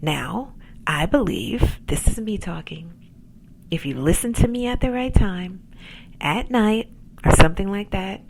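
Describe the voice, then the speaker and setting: A woman hosting a podcast, giving a calm, soft-spoken motivational pep talk about faith and gifts as a coach. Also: medium pitch, measured pace, creaky, a little hiss or hum. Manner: faith-based encouragement. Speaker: podcast host and accountability coach.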